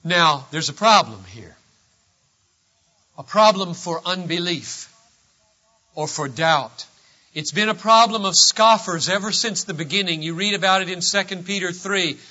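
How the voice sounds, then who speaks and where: A man preaching a sermon as pastor, emphatic and swinging between loud declarations and hushed asides, on a dull lo-fi recording. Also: sits high, a little slow.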